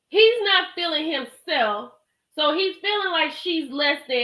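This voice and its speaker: Live-stream host, woman, high and animated, talks to her chat, echoey home room. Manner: animated, talks straight to chat, laughs and exclaims. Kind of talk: casual live-stream commentary.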